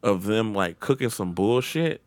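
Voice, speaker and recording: A man in casual podcast banter who swears a lot and laughs loudly and often. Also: fairly low pitch, unhurried, dry recording. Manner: animated, profane, laughs loudly.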